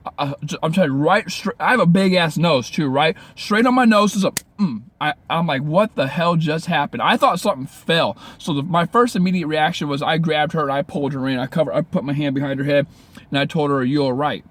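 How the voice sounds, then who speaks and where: Excitable, profane man telling a story. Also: fairly high pitch, fast talker. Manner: animated, swears freely, keeps asking "right?"; restarts and stammers when excited. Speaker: vlogger telling a personal story. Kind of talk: casual storytelling to camera.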